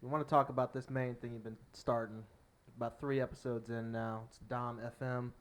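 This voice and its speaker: An American man hosting a podcast, chatting casually and cracking relaxed jokes with his guest. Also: medium pitch, brisk. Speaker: podcast host. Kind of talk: casual chat.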